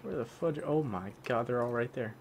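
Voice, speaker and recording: A young man giving excitable live commentary on a video game, yelping and swapping swears for "fudge". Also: medium pitch, moderate pace, a little hiss or hum. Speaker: gaming channel host.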